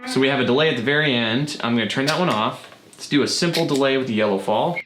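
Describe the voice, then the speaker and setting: Relaxed male gear-channel host, roomy sound. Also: medium pitch, quick pace. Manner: relaxed, chatty, with fillers. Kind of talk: casual gear demo walkthrough. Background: guitar effects playing between lines.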